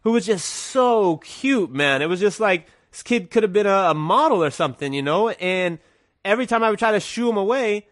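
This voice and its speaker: Stuffy guy rambling through a story, kinda high voice, dry close sound, keeps saying man. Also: lively intonation, a little fast, a bit bright, no room sound. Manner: rambling, loose, says "man" a lot. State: stuffy nose. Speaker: guest. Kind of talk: casual storytelling.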